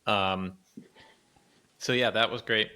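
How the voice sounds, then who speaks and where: A man's voice: on the low side, fairly even intonation, slow, bright, forceful tone, clear, resonant tone. A man co-hosting a podcast, telling a rambling travel story in casual chat, laughing often. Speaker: podcast co-host.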